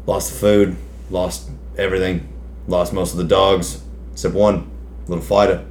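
Man playing a tough-talking Australian bushman, deadpan and laconic, fake accent, roomy echoey room. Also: sits low, normal speed, a little hiss or hum, natural voice. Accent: put-on Australian. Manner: deadpan, laconic, full of Aussie slang. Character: boastful rugged Australian survivalist man, deadpan bravado. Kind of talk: improvised comedy interview in character.

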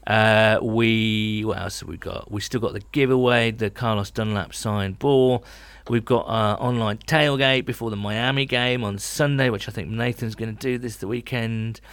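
A man's voice: on the low side, steady tone, normal speed, few pauses, fairly bright tone, clean tone, dry recording. Man, podcast co-host, casual teasing banter, dry sound. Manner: teasing, chatty.

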